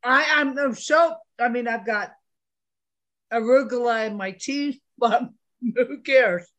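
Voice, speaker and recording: A woman speaks emotionally over a live video call, gushing and laughing easily. Her voice is high-pitched, and she talks at a slow, drawn-out pace. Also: a bit bright. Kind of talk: casual chat.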